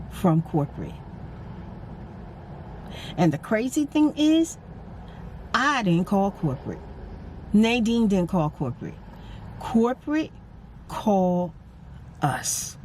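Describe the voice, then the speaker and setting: A woman's voice: medium pitch, darkish tone, slight background noise, poor audio. A woman vlogger venting from her parked car, upset and emphatic. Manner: upset, emphatic, repeats herself. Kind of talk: casual vlog rant.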